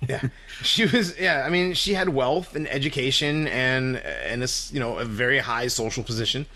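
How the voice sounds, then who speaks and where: A man's voice: mid-range voice, normal speed, sharp tone. Offhand man co-hosting a podcast. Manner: reads grim facts in a loose, offhand way with fillers. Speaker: podcast co-host. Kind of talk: casual podcast chat.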